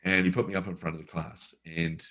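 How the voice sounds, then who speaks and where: A man with a New Zealand accent, a guest telling a story from his life in a lively, casual way with everyday fillers. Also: deep voice, a little fast. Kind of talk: conversational storytelling.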